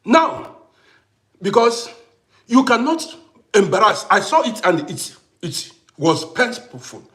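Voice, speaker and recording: Middle-aged man, high voice, swooping animated delivery, emphatic livestream rant. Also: slow pace. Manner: emphatic, repeats phrases for effect. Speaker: livestream host. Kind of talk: impassioned livestream monologue.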